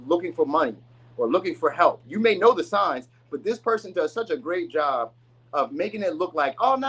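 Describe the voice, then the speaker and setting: A man's voice: on the high side, a bit bright, husky, poor audio. A man giving a casual tarot reading to camera, rambling and chatty with lots of asides, sometimes acting out the people he describes. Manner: loose, rambling, chatty delivery with many asides; acts out quoted people in voices. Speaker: tarot reader.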